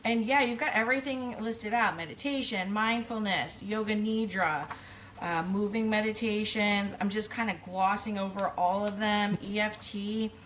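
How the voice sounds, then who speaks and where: A woman in her thirties hosting a podcast, chatty and quick to laugh in a casual conversation. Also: mid-range voice, steady tone, a bit bright, slight background noise. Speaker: podcast host. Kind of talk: casual chat.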